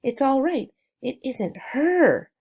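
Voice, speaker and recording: A woman voicing an excitable, kindly male beaver in a storybook reading, shouting and eager. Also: high-pitched, slow, slightly rough, voice pushed up, full character voice. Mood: excited. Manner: excited, shouting, bad grammar.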